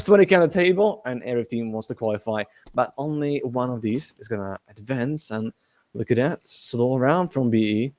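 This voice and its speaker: A man's voice: mid-range voice, a little mellow. A young man casting a live esports match in a chatty way, laughing often, with slightly non-native phrasing. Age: young adult. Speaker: esports commentator.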